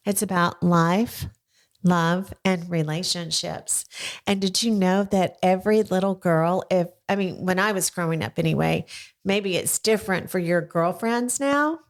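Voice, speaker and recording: An older woman hosting a podcast, chatting with a child and coaxing him along with slow, gentle questions. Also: on the low side. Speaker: podcast host interviewing her grandson. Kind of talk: casual interview chat. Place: small home podcast studio.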